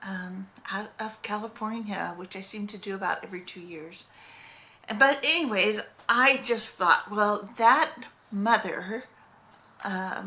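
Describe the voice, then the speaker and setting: A middle-aged woman hosts a casual crochet vlog, rambling with lots of fillers and correcting herself as she goes. Her voice is mid-range with a sharp tone, suited to a relaxed crochet show-and-tell.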